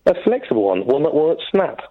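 A man calling in to a radio show, reading out a list in a matter-of-fact, deadpan way. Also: fairly high pitch, fairly quick, no room sound. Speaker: caller. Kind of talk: phone-in call reading out a list. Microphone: telephone line. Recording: dull phone line.

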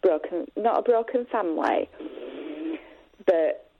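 A woman's voice: mid-range voice, no room sound. Hesitant woman on tinny phone line. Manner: hesitant, many pauses and fillers. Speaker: caller. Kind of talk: phone-in call.

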